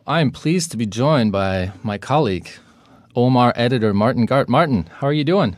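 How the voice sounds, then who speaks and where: A man hosting a podcast, reading a lively intro and then chatting with many "uh"s and restarts. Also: mid-range voice, brisk, faint music behind. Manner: upbeat, with many fillers in unscripted talk. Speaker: podcast host. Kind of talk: podcast interview.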